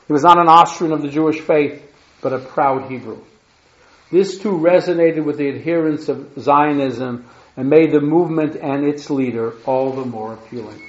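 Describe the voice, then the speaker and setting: A man's fairly high voice gives a history lecture, reading long diary quotations aloud with frequent restarts and self-corrections. The sound is lo-fi and muffled, and the room around him is echoey.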